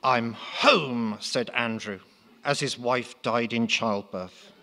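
A man with an English accent, an author reading his comic literary pastiche in a dry, deadpan narrating voice. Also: mid-range voice, slow, in a large hall, slight background noise.

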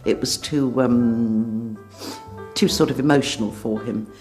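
An older woman in an interview, reflecting on her past in a soft, hesitant way. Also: rumbling low, fairly even intonation, a little slow, faint music behind. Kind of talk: reminiscing interview.

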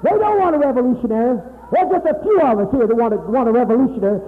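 High-pitched preacher man on tinny old tape. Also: expressive, very fast. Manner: mocking and profane, swinging between loud and hushed. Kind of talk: sermon. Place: church hall.

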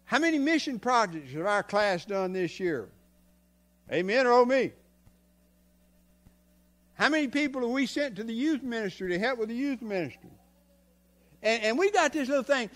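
An older man preaches from the pulpit in a folksy, story-driven way. His voice sits high for a man and swings from quiet, confiding asides to loud bursts. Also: expressive, moderate pace. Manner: folksy, tells stories, swings from soft to loud. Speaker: guest preacher. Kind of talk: sermon. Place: church sanctuary.

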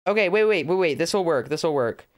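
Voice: medium pitch, lively intonation, quick pace. A streamer chatting casually through a livestream while crafting, rambling and joking with mock drama.

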